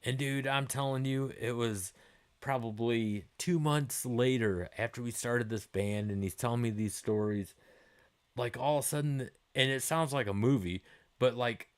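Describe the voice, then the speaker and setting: This livestream host is a middle-aged man whose clear, resonant voice sits in the mid range and moves at a moderate pace. Casual and loose, he responds to viewer comments, cursing often and breaking into laughter without much prompting.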